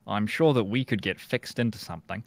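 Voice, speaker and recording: Man doing a haughty, theatrical high elf swordsman, dry close sound, brief. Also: a little fast, gravelly, no room sound. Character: grandiose male high elf bladesinger.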